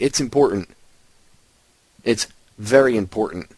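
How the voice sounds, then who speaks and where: A man hosting a talk show, ranting at his listeners with plenty of emphasis. His voice sits on the low side and sounds close and dry, with almost no room around it. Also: normal speed, no echo, low-quality recording. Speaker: host. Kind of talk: radio show monologue.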